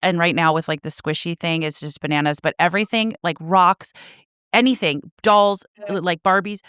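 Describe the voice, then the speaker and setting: A woman's voice: fairly low pitch, steady tone, moderate pace, fairly bright tone, clean tone, no room sound, clean studio sound. A woman hosting a podcast interview, talking in a casual, rambling way with lots of fillers and restarts. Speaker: podcast host.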